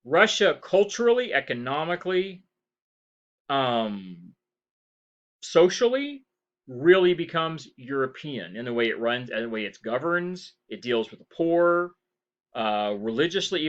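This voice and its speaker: A man's voice: mid-range voice, big pitch swings, moderate pace, a bit bright, dull audio. A man giving a history lecture as professor, rambling, correcting himself and asking rhetorical questions. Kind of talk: recorded lecture.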